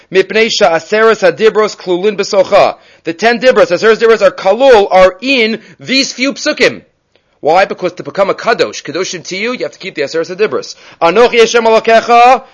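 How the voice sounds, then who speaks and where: A man giving a daily Torah class, quickly quoting Hebrew sources and explaining them in English in an earnest, explanatory way. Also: high-pitched, a bit bright. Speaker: Torah teacher.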